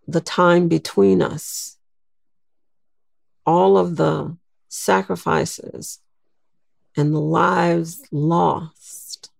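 A woman in her sixties, a guest in an interview, telling a personal story in a reflective, unhurried way. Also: lowish voice, vocal fry, dry recording, clean studio sound. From Louisiana, United States. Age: 60s. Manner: reflective, unhurried, with soft laughs and restarts.

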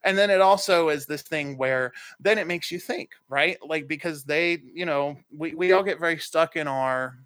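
A man talking earnestly and reflectively as a podcast guest, pausing and restarting as he searches for words. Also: fairly high pitch, fairly bright tone, smooth, no echo. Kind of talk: casual interview conversation.

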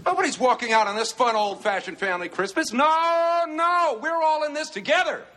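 An actor playing a frazzled middle-aged father in a film comedy, ranting and shouting in rage. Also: very high-pitched, animated, a little fast, a little hiss or hum, full character voice. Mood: manic, forced cheer.

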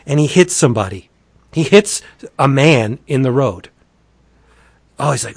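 A man in casual talk, animatedly recounting a comic with plenty of profanity and excitement. His voice sits in a middle pitch. The sound is dry and close, with no room echo. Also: normal speed, long pauses. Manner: animated, enthusiastic, profane storyteller. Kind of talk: casual chat, retelling a comic.

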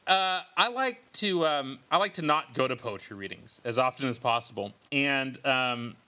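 A man's voice: mid-range voice, lively intonation, normal speed, sharp tone. A man hosting a podcast in casual, joking chat, loose and full of ums. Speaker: podcast host.

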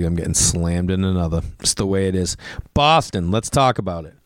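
Man, middle-aged, comedian, casual podcast monologue, rambling, smooth, dry. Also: fairly low pitch, dry recording. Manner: rambling, animated, restarts and asides.

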